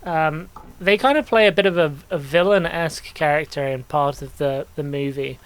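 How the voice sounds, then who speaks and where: A man's voice: on the high side, normal speed, clear, resonant tone. A man co-hosting a podcast in casual chat, enthusiastic and laughing often. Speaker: podcast co-host.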